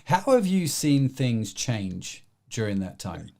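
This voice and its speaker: Male podcast host, chatty, rambling, fillers and restarts, middle pitch. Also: sing-song, takes it slowly, vocal fry, darkish tone. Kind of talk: podcast interview.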